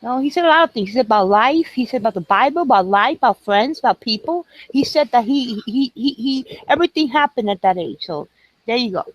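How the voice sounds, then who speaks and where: A woman's voice: on the high side, expressive, fairly quick, no echo, highs cut off. A woman in her fifties with a tongue-tied speech impediment, chatting emphatically and repeating words. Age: 50s. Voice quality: tongue-tied speech, slightly toothless sound. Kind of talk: casual chat.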